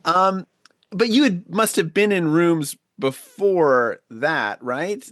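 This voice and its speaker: Brief: male podcast host, animated intonation, casual, probing. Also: fairly high pitch. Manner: quick reactions, laughs along, probing questions. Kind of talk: casual interview.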